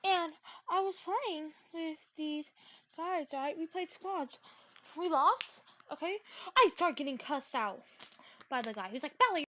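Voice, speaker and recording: A woman's voice: sits high, expressive, unhurried, pushed and bright. A woman vlogger ranting casually and animatedly, packing her talk with "like" fillers and exasperated asides.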